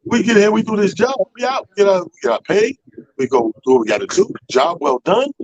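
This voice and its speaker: Animated, husky male radio storyteller. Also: sits high, fairly quick, muffled recording. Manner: animated storyteller, acts out people's quotes, profane. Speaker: radio show host; comedy show organizer. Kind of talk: casual storytelling chat.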